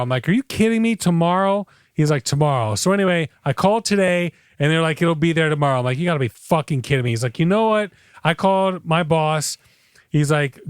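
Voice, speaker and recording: A man's voice: on the high side, clear, resonant tone, no room sound, clean studio sound. A man co-hosting a casual podcast, telling a long complaint story, acting out the people he quotes and swearing often. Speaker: podcast co-host. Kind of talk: casual chat. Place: South Florida.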